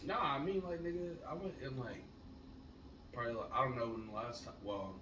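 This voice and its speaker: A man co-hosting a casual podcast, telling stories in a laid-back, profane way that gets loud when he is excited. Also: medium pitch, brisk. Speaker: podcast co-host. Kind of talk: casual storytelling chat. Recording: echoey room, mic at a distance, noisy.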